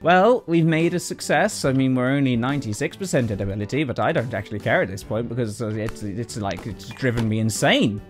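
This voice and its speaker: A man's voice: mid-range voice, a little fast, few pauses, faint music behind. A man doing exasperated, self-mocking gameplay commentary, yelping often. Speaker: gaming YouTuber. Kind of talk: game commentary.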